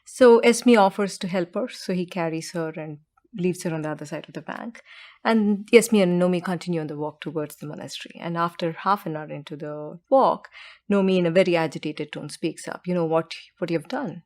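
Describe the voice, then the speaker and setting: A woman guest speaking softly and slowly, telling a story and explaining calmly in an interview. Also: fairly low pitch. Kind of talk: calm storytelling interview answer.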